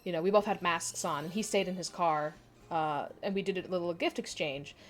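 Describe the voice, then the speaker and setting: A woman's voice: lowish voice, fairly quick. A young adult woman chatting casually on a live stream, answering viewer comments in a candid, rambling way with frequent laughs and casual swearing.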